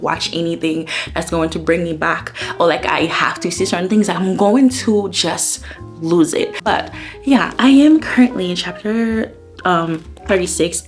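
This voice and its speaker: A young woman chatting casually in a book vlog, telling stories animatedly with lots of "like" and quoting her own reactions, over soft guitar music. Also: lowish voice. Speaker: book vlogger. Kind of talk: casual reading vlog chat.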